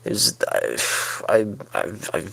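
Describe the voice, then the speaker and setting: A man's voice: lowish voice, very animated, unhurried, creaky, a bit bright, breathy edge, no room sound. A man role-playing a flustered, anxious character in a tabletop game, stammering as he talks. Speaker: player.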